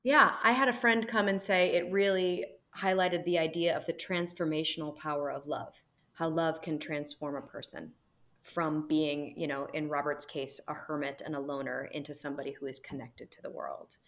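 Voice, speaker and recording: A woman who is a musical theater actress and singer, telling stories in a relaxed interview with emphatic, animated delivery. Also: low voice, normal speed. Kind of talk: casual interview chat.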